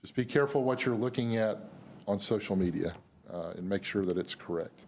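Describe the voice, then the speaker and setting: A hoarse man with a somewhat low voice speaks as an emergency manager at a public news conference. His delivery is measured and official, with many pauses and fillers between phrases. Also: a little mellow, slight background noise. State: losing his voice. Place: city news conference room.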